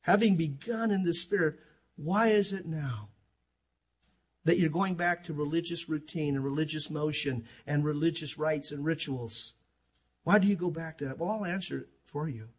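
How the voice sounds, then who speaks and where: An older man preaching a sermon as pastor, fervent and emphatic, swinging from loud to hushed. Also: on the high side, moderate pace, slightly rough.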